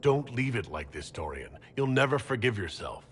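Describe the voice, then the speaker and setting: A man's voice: mid-range voice, big pitch swings, moderate pace, slight background noise, natural voice. A man voicing a dry-witted male Inquisitor. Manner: dry, level, wry. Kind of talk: game character dialogue.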